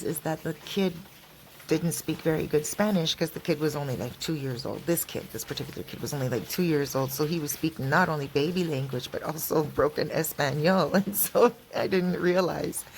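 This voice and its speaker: A woman's voice: low-pitched, a little hiss or hum, low-quality recording. A woman from Canada chatting casually in a street vlog, rambling with lots of fillers and restarts. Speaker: vlogger. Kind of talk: casual walking vlog chat. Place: outdoors on a street.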